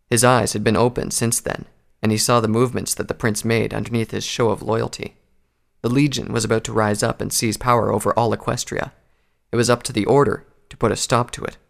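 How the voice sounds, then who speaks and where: A man narrating a story aloud in a steady, even storytelling manner. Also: medium pitch, gravelly.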